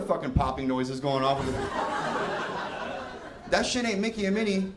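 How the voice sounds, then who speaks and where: A man in his thirties performing profane, animated stand-up on a comedy club stage into a handheld mic. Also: fairly high pitch, a little slow. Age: 30s. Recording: echoey club with crowd noise.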